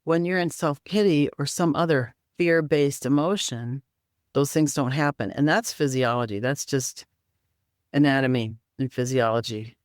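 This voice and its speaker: A woman's voice: extremely low pitch, moderate pace, no echo, clean studio sound. A woman guest in an interview, explaining healing practices and teaching simple exercises step by step. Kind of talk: interview conversation.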